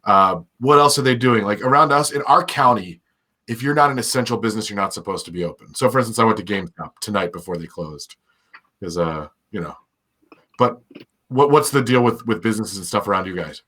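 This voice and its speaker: Bright-voiced man hosting a chat. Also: on the low side, lively intonation, fairly quick. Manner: chatty, hedging with "like". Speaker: podcast host. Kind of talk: casual chat.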